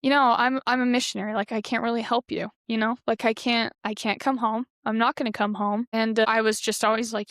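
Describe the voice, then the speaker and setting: A woman's voice: a little high, flat delivery, brisk, few pauses, a bit bright, no room sound, clean studio sound. A woman in her twenties, a podcast guest, earnestly recounting a personal story with lots of "like" fillers. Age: 20s. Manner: earnest, heavy use of "like".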